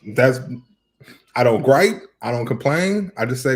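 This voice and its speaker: A man co-hosting a casual live chat with his wife, telling stories with lots of energy and mimicking her in a higher voice. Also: moderate pace. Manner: animated storyteller, imitates his wife in a raised voice; joking, ranting, bantering. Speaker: co-host of a couple's channel.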